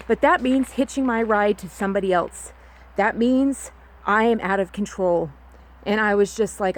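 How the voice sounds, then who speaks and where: A woman's voice: mid-range voice, normal speed, no echo. A young woman from California telling a personal story alone, rambling and confiding, with many restarts and fillers. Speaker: podcast host.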